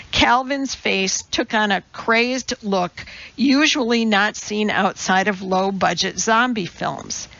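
A woman reading a novel aloud as an audiobook narrator, in measured, even storytelling. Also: mid-range voice, gravelly, lo-fi sound.

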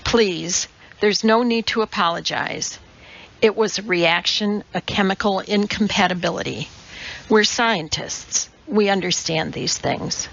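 A woman's voice: mid-range voice, measured pace, creaky, fairly bright tone, lo-fi sound. A woman reading an audiobook, voicing a composed, matter-of-fact female chemist. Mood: cool. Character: calm, precise female chemist.

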